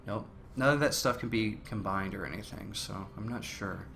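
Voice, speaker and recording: A man hosting a let's play, reading game text aloud between relaxed, casual remarks. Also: lowish voice, moderate pace, gravelly, slight background noise. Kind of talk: casual gameplay commentary.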